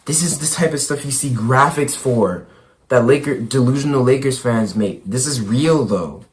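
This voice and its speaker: A young man with a hoarse, worn-out voice, vlogging casually about basketball. He stammers and repeats himself, and his voice swings from quiet to loud. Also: mid-range voice, moderate pace. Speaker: basketball YouTuber. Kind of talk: excited casual vlog.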